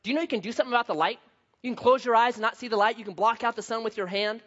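High-voiced man preaching a storytelling sermon. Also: very fast. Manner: storytelling, animated, shifting from hushed to loud. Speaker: pastor. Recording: dull lo-fi sound.

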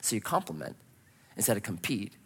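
Male pastor, lively sweeping pitch, bright forceful tone, rhetorical questions, long hall reverb. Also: a little fast, slightly rough. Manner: animated preaching, rhetorical questions. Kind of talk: sermon.

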